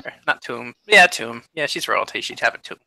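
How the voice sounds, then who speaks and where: A man's voice: mid-range voice, animated, a little fast, vocal fry, pushed and bright, low-quality recording. A man playing a royal character in a tabletop game, playful, giggly and theatrical. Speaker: player.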